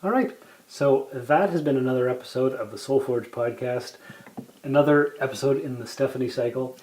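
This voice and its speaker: A man's voice: medium pitch, moderate pace, darkish tone, reverberant, a little hiss or hum, rough recording. Rambling male podcast host. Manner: rambling, repeats himself. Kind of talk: casual chat over drinks.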